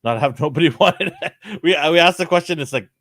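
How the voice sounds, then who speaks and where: A man's voice: a little high, fast, a bit bright, no echo, studio quality. A man hosting a casual pop culture show who laughs often and reads out comments from viewers. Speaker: podcast host. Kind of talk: casual chat.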